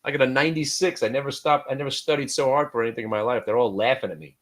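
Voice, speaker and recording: A middle-aged American man runs a live stock trading room, speaking casually and fast in a fairly low voice. His volume swings between loud and quiet.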